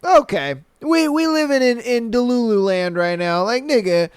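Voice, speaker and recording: High, crisp-voiced man ranting. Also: moderate pace, no room sound, clean studio sound. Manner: profane, animated, blunt commentary. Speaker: podcast host. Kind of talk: reading listener stories and reacting.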